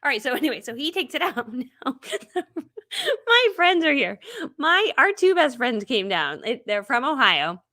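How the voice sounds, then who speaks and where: A woman's voice: high voice, very animated, moderate pace, sharp tone. A middle-aged woman hosting a live stream, telling stories in a chatty way, laughing often and acting out what people said. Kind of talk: casual chatty storytelling.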